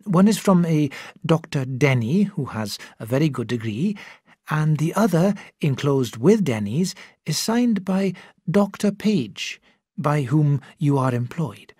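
A formal male committee secretary, as the story's reader puts him on speaks in a measured, official tone. The delivery is slow and a little husky. It sounds dry and close. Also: medium pitch, animated, mellow, dry recording, voice pushed up.

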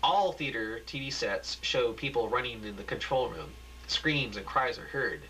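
A man reading his own thriller script aloud in a halting amateur style, stopping to restart and correct himself. His voice is bright and tense at an average pitch, with a faint hum in the background. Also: expressive, rough recording.

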